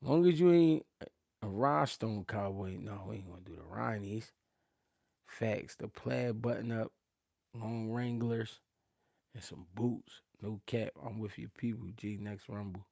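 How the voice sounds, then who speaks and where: Gravelly Philly man, casual slangy chat. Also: lowish voice, measured pace, no room sound, studio quality. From Philadelphia. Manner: slangy, laughing, swings from loud to mumbled. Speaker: boxing channel host. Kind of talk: casual live-stream chat.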